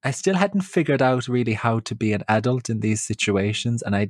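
A man, co-hosting a podcast and telling an embarrassing personal story in an animated, self-mocking way. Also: medium pitch, a little fast, dry recording, studio quality. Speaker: podcast co-host.

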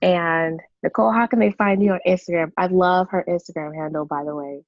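A woman's voice: lowish voice, fairly even intonation, fairly quick, no room sound. A young woman from Southern California co-hosting a podcast in casual chat, bubbly and laughing often. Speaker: podcast co-host. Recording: dry, slightly dull sound.

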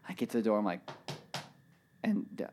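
A man's voice: fairly low pitch, brisk. A man telling a rambling travel story in casual chat, full of "like" and "dude". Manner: rambling, animated, says "dude" and "like" a lot.

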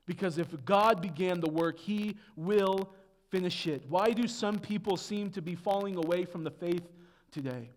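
A man preaching a sermon as pastor, dropping to hushed tones and then building to loud, emphatic peaks. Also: normal speed. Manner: swings from hushed to booming emphasis.

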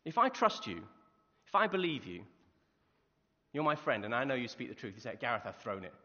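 A man with a mid-range voice preaches at a moderate pace in a church hall, telling animated stories and posing rhetorical questions to the congregation. The recording is muffled, with plenty of hall reverb.

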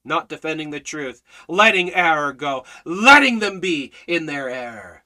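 A man preaching a fiery sermon, hammering rhetorical questions and swinging between loud exhortation and low, intense emphasis. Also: expressive, a little slow.

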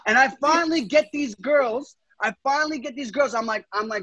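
A man's voice: very high-pitched, fairly quick, hardly any pauses, bright, forceful tone, dry recording, muffled recording. A man co-hosting a casual podcast chat, telling stories with animation, cutting in and swearing. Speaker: podcast co-host.

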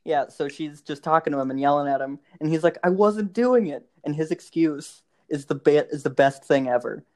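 A man's voice: a little high, steady tone, brisk, a little mellow. A young man in casual chat, telling a rambling story with many restarts and frequent laughs.

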